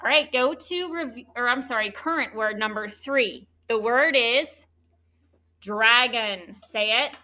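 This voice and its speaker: A woman teaching a third grade spelling lesson, spelling words out slowly and clearly letter by letter. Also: on the high side, pushed and bright.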